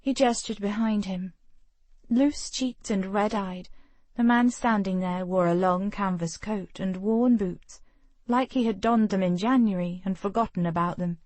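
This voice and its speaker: Brief: even woman narrator, mid pitch, dry close mic. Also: measured pace, no echo. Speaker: audiobook narrator. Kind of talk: scripted narration.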